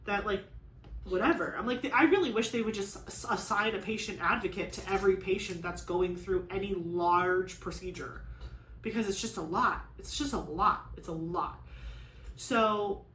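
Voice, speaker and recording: A woman hosting a crafting vlog chats casually while she works, rambling and venting her frustration with lots of "like." Her mid-range voice is fairly bright at a moderate pace, recorded in an echoey room with faint ambience and slight background noise.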